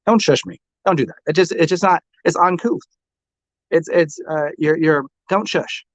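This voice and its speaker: A man's voice: a little high, moderate pace, no room sound. A man hosting a livestream, arguing with chat viewers and repeating himself with frequent stammers. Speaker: livestream host. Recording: dull, lo-fi dry home recording.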